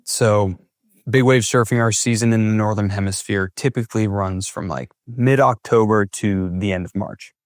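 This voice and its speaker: A man's voice: fairly low pitch, fairly even intonation, moderate pace, no echo, clean studio sound. A young man from California, a big wave surfer, recounting his experiences as a podcast guest and acting out his own thoughts as he tells them. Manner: vivid retelling with acted-out inner thoughts. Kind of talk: storytelling in a podcast interview.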